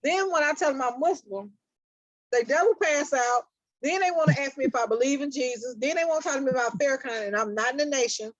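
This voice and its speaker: Woman, high voice, casual chat, teasing, dry dull sound. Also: dry recording. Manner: teasing, quick, stumbling restarts.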